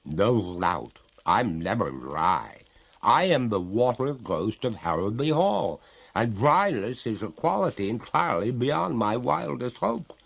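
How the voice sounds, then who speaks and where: A man voicing the ghost of a drowned young woman, speaking slowly in a gurgling, stately and reproachful way in a storybook reading. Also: mid-range voice, big pitch swings, gravelly, slightly rough, highs cut off, heavily acted. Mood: haughty, mournful.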